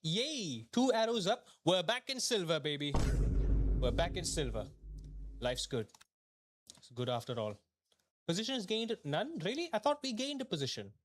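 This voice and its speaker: A man's voice: high-pitched, very animated, normal speed, pauses often. A young man, streaming a sim race and venting aloud in repeated questions and mumbled asides. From Malaysia. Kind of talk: live gaming stream commentary.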